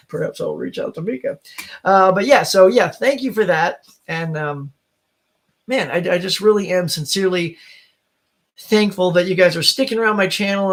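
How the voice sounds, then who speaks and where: A middle-aged man hosting a casual live stream, chatting with viewers, laughing often and thinking aloud with many restarts. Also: sits high. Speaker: host.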